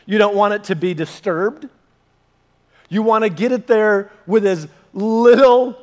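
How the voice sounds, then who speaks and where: A male pastor preaching a sermon to a live congregation, telling stories in a lively way and talking straight to the people in the room. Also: high-pitched. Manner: animated storyteller, addresses the congregation directly. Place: church meeting room with a live audience.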